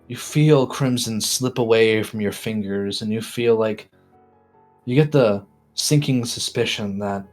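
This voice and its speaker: A man running a tabletop role-playing game as storyteller, narrating with slow, suspenseful pauses. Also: fairly low pitch.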